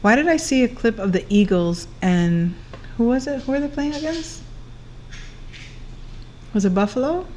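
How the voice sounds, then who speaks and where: A woman's voice: fairly high pitch, animated, moderate pace, long pauses, a little mellow, slight background noise, poor audio. A woman giving a casual tarot reading, playful and chatty, laughing often and singing along to songs between her remarks. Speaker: tarot reader.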